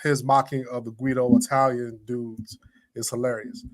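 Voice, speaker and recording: Male reaction co-host, casual profane storyteller, plugs the channel, mid pitch. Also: little pitch movement, normal speed.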